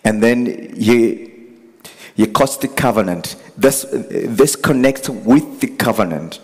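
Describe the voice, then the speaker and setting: A man's voice: medium pitch, takes it slowly, darkish tone, husky. A man preaching a sermon, earnest and building to impassioned pleading. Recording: echoey hall with long reverb.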